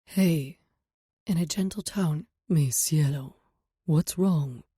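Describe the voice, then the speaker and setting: A woman reading an audiobook, voicing a tender older man who speaks softly and soothingly. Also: low-pitched, unhurried, slightly rough, dry recording, clean studio sound, voice pushed down. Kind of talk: audiobook character voice.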